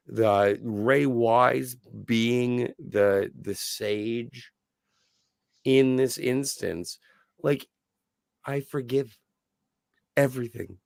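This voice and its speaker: A man's voice: medium pitch, creaky, dry recording, clean studio sound. A man co-hosting a podcast, talking in a thoughtful, searching way with fond praise. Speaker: podcast co-host. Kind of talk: casual podcast discussion.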